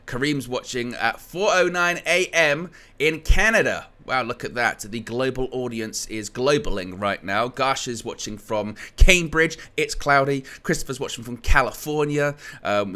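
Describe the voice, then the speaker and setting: Bright-voiced English football chat host. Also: male voice, mid-range voice. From England. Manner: chatty, rambling, reads viewer comments aloud. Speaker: fan channel host. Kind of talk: live-stream football chat.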